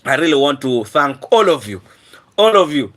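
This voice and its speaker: Hoarse man hosting a live stream. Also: on the high side, very animated, normal speed, a bit bright. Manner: repetitive, earnest thank-yous. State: hoarse, frequently clearing his throat. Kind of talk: casual live stream chat, thanking viewers.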